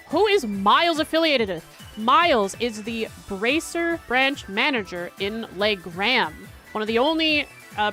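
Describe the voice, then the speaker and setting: A young woman livestreaming as she plays a quiz, chatting casually and thinking aloud with halting restarts. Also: on the high side, fairly bright tone. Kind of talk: casual livestream chat while playing a quiz.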